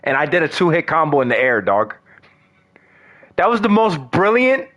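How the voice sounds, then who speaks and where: Brief: young male streamer, high-pitched and excitable, swears and yells through live play. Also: moderate pace. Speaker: gaming streamer. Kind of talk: live gameplay commentary.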